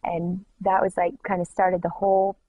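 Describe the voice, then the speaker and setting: A woman giving an emotional personal faith testimony, speaking in halting bursts full of "like". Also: lowish voice, little pitch movement, no echo, phone-quality sound. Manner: emotional, halting, many "like" fillers. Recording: music bed under voice. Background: clear music.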